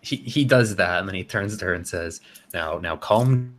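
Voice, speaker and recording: A man's voice: low-pitched, brisk, a bit bright. A man playing a tabletop game, describing his character's actions casually. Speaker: player.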